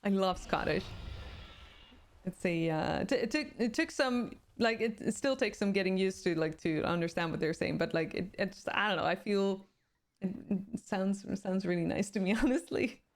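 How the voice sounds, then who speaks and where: A native Swedish speaker with a Swedish accent streams games and chats casually with people watching live. She reads out viewer comments and responds to them, speaking at a normal speed with a medium-pitched voice.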